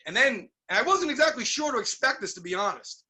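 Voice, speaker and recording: A middle-aged man from New York telling stories in a casual interview, animated and acting out the voices of people he quotes. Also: sits high, fast, few pauses. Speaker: guest musician.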